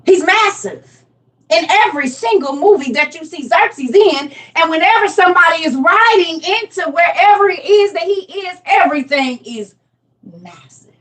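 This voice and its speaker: A woman's voice: very high voice, animated, normal speed, fairly bright tone, far from the mic. A woman in her forties giving a casual Bible lesson, playful and constantly quizzing her listeners. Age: 40s. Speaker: Bible teacher.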